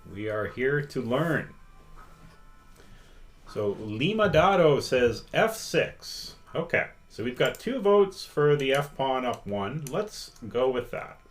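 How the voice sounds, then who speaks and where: A man's voice: mid-range voice, very animated, soft background music. A man teaching chess on a live stream, patiently reading out viewers' votes and inviting them to join in. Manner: slow, patient, reads out chat votes. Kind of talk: interactive live-stream lesson.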